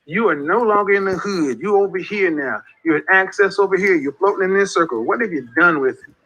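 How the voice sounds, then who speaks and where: Heard on a dull, lo-fi recording, a man whose voice sits high speaks fairly quickly in a sharp tone. Acting as an online group leader, he gives a fervent, sermonizing monologue and repeats his points for emphasis.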